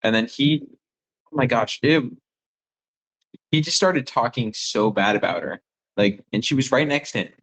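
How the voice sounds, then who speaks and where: A young man, a missionary phoning home, telling rambling, excitable stories full of fillers. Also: mid-range voice, normal speed, pauses often, breathy edge, poor audio. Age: young adult. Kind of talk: casual phone chat with family.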